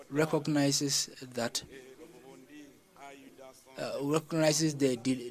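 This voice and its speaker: A man delivering a formal policy address to a summit of leaders, measured and stopping often on fillers and restarts. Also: medium pitch, rough recording. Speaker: summit chair addressing heads of state.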